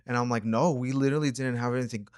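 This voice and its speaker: Speaking fast in a mid-range, slightly mellow voice with fairly even intonation, a young reaction-channel co-host rambles casually through a story full of slang and fillers. The sound is clean studio audio with no echo.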